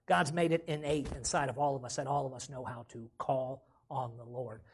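A man's voice: mid-range voice, steady tone, a little fast, slightly rough. A man preaching a sermon as pastor, with folksy casual grammar and frequent calls of "amen?".

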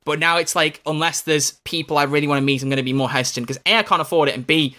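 A man co-hosting a podcast, telling stories in an excitable, rambling way with plenty of fillers. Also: on the high side, rapid-fire. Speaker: podcast co-host. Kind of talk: casual chat.

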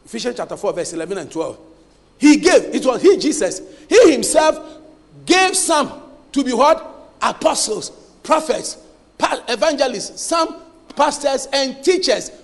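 Delivering a sermon in a strikingly high voice with big pitch swings, a male pastor speaks unhurriedly. He presses his points emphatically and has the congregation complete his sentences, all echoing with the long reverb of a church hall.

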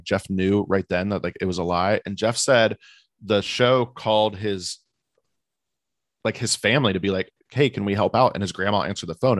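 A man talks through a reality show recap in a loose, rambling way, piling up fillers as he goes. His voice sits low, and the sound is dry and close with no room around it. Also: dry recording. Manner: relaxed, rambling, lots of fillers. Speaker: podcast co-host.

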